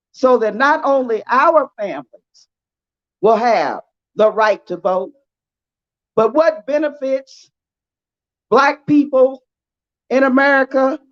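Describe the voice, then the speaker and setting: A woman with a fairly high voice addresses an outdoor rally, speaking slowly and with weight, repeating her lines for emphasis. The recording is dull and lo-fi. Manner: slow, emphatic, repeats phrases for effect. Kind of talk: impassioned rally speech with call-and-response.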